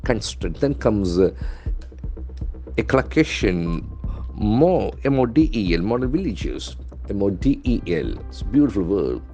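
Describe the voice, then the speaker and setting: Man, teacher, low voice, faint music underneath, spells words letter by letter. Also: very animated, measured pace, dark tone. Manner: methodical, spells words out letter by letter, keeps calling words beautiful. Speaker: English language trainer. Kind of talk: lesson.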